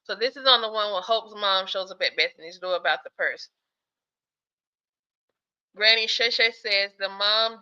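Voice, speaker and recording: Yawning and sleepy, this livestream host chats casually, reads out viewer comments, and laughs often while addressing her audience directly. She has a bright, medium-pitched voice, though the lo-fi stream makes the audio come through dull.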